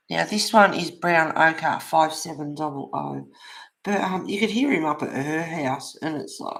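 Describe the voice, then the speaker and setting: A man's voice: fairly high pitch, expressive, measured pace, gravelly, fairly bright tone. A man hosting a colouring stream from home, telling rambling stories with frequent laughs. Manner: rambling storyteller, laughs often. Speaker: colouring channel host. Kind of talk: casual chat while colouring.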